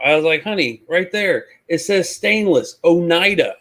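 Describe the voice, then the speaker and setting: A man on a talk show, telling a lively anecdote and acting out the voices. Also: fairly high pitch, moderate pace. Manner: animated, acts out voices in anecdotes. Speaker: guest, reseller. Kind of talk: casual storytelling.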